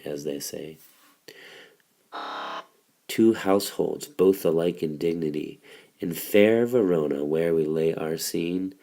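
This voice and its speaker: A man's voice: fairly low pitch, vocal fry, dark tone. A man teaching a recorded literature lesson, explaining step by step in a casual way.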